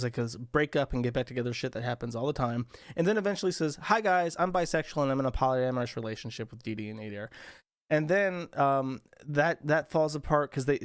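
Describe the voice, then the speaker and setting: A man's voice: mid-range voice, dry recording, studio quality. A man talking casually as an interview guest, telling profane, sardonic stories. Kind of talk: casual podcast conversation.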